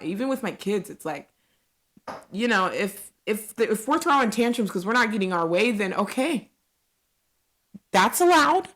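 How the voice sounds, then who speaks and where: A woman in her thirties hosting a solo podcast, talking candidly and reflectively, with lots of "like" fillers. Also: fairly low pitch. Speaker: podcast host.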